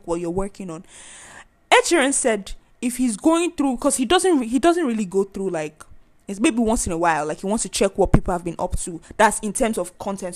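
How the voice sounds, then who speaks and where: A woman hosting a podcast, chatting casually in a loud, animated way. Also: on the high side. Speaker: podcast host.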